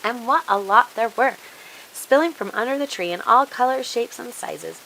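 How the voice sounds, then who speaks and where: A woman reads a children's storybook aloud and brings every scene to life. Her voice is bright and clear. A faint hiss runs under the recording. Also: on the high side, normal speed, rough recording. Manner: expressive, animated read-aloud.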